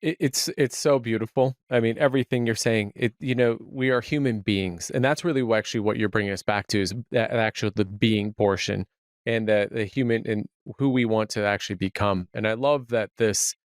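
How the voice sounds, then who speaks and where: A man's voice: fairly low pitch, brisk, no room sound, clean studio sound. A man hosting a podcast interview, affirming his guest and checking that he and the audience understand. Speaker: podcast host.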